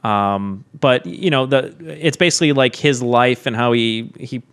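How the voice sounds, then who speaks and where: A man's voice: mid-range voice, a little slow, a bit bright, clear, resonant tone. A man from Chicago with a light Chicago accent, co-hosting a podcast in casual chat, rambling with lots of ums and restarts. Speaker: podcast co-host. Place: recording studio.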